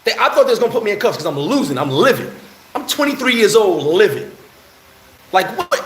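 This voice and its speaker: A man's voice: high voice, brisk, echoey room, a little hiss or hum, rough recording. A man, telling a heated story on a casual live stream and answering chat. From New York. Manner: animated, heated storyteller, acts out quotes. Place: bar in the Dominican Republic.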